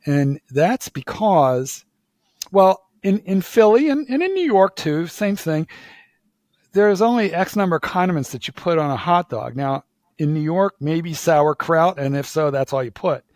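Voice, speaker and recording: A man from Philadelphia chatting casually in an interview, telling a lively story full of repeated "like"s and restarts. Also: fairly high pitch, unhurried, dry recording. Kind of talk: casual conversation.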